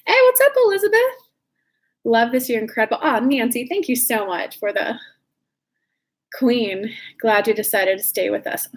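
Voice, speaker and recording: A woman's voice: on the high side, animated, normal speed, long pauses. A woman coaching live-stream viewers in a casual, chatty way, greeting them by name and swearing freely.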